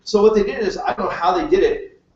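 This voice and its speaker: High-voiced man pitching to a live room. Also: fast talker, a little hiss or hum. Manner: joking, chatty, asks the crowd questions. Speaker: presenter at a live business meeting. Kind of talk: casual sales pitch to a live audience. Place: meeting room with a live audience. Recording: echoey room, distant mic, dull sound.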